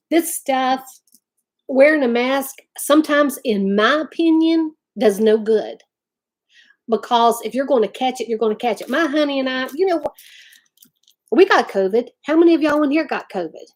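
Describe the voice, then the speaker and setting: A woman's voice: high-pitched, expressive, moderate pace. A middle-aged woman, hosting a casual live chat and talking emphatically and from the heart straight to her viewers. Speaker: livestream host.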